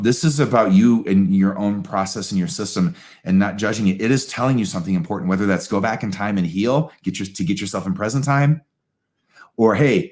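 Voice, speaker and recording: A man hosting a live astrology talk, answering audience questions in an animated, emphatic way with quick asides. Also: fairly low pitch.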